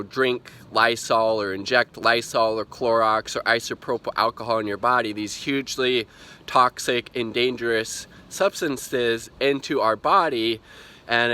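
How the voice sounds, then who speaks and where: A man's voice: medium pitch, sharp tone, smooth. A man giving an exasperated, rambling video rant, cursing often and filling his talk with "you know". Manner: exasperated, profane, rambling with many fillers. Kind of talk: ranting video commentary.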